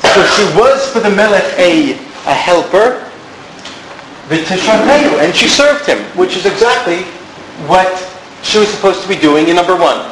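A man with a fairly high voice teaches a Bible class, laying out his reasoning step by step and turning to his students with questions. He sounds like he's in an echoey classroom, with a little noise in the background. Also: lively intonation, normal speed. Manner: explanatory, asks the class questions.

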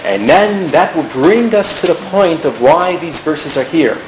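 A man's voice: fairly high pitch, lively intonation, measured pace. A man teaching a Bible class, explaining step by step and putting questions to his students. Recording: echoey room, some background noise.

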